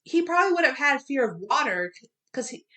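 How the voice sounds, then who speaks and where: Young woman, podcast co-host, slightly high voice, excitable casual chat. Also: fast. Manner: animated, excitable recapping with fillers.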